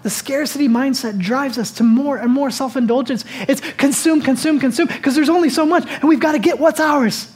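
Animated conversational preacher. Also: sits high, fairly quick, hardly any pauses. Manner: conversational, animated preaching that asks the congregation questions. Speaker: pastor. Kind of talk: sermon.

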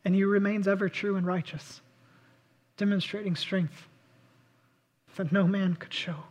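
A man preaching a sermon, swinging between loud impassioned outbursts and hushed, intimate reflection. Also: high voice, steady tone, measured pace. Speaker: pastor.

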